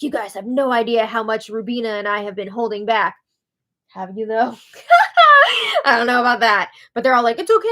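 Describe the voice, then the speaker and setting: A woman hosting a live recap, talking casually with sarcastic asides and frequent laughter, swinging between loud outbursts and hushed remarks. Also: on the high side. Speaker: host.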